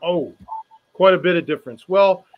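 A man's voice: high voice, moderate pace. A man, a wrestling coach, talking bluntly and easily as a guest on a video call. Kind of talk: casual video call chat. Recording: dull lo-fi video call audio.

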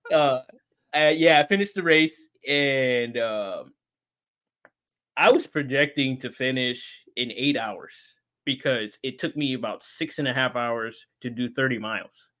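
A man, an interview guest, telling a story in casual chat, animated and laughing often. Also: medium pitch, measured pace. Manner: animated, acts out quoted voices, laughs often.

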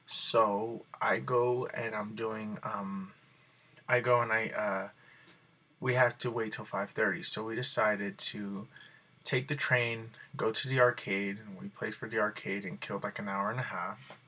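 A man vlogs casually in a somewhat low voice with a bright, tense edge and a husky grain. He tells his story in an excited, rambling way and leans on fillers as he goes. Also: a little slow. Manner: excited and rambling, many fillers like "like" and "you know". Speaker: video blogger.

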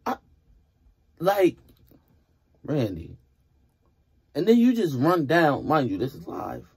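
A man's voice: fairly high pitch, wildly swooping pitch, slow pace, pauses often, darkish tone, slightly rough. A young man hosting a music reaction video, talking casually and rambling in exasperated, playful disbelief.

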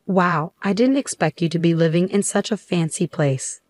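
A woman's voice: fairly low pitch, moderate pace, darkish tone, lightly acted. A woman reading the lines of a condescending, overbearing middle-aged mother in a storybook tale. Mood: scornful. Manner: scornful, demanding.

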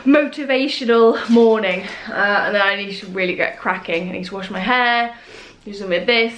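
A woman's voice: medium pitch, normal speed, a bit bright, a little hiss or hum. A young woman talking to camera in a casual, chatty, giggly way. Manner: chatty and giggly, rambling, self-mocking. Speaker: lifestyle vlogger. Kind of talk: casual vlog chat to camera.

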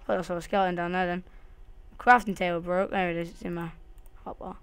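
A woman's voice: lowish voice, flat delivery, fast talker, slight background noise. A woman giving casual, jumpy commentary while she plays a game, swearing often and talking to herself and to the game. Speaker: let's play host.

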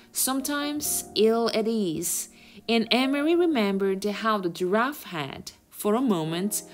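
Female reader, expressive novel read-aloud for learners, animated intonation. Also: mid-range voice. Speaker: teacher reading aloud. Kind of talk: reading a children's novel aloud for English learners.

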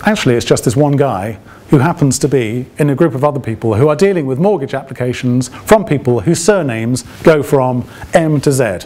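A man's voice: medium pitch, lively intonation, fairly quick, darkish tone, a little hiss or hum. A man giving an open lecture to alumni in a conversational way, often checking with the audience through rhetorical questions and dry, ironic asides. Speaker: guest lecturer.

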